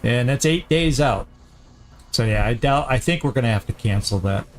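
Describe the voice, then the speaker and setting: A man's voice: medium pitch, animated, faint music behind. Man thinking aloud over a strategy game. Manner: thinking aloud, halting with restarts. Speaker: let's play host. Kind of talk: casual gameplay commentary.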